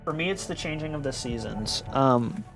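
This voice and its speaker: A man's voice: medium pitch, lively intonation, normal speed, soft background music. A tired young man streaming live, chatting casually with viewers in a rambling, giggly way and playfully repeating words.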